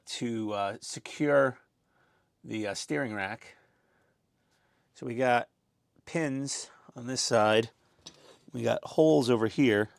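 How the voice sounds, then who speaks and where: A man's voice: mid-range voice, creaky, no echo, studio quality. A man giving casual, rambling commentary as he builds a scale model, chatty and self-deprecating.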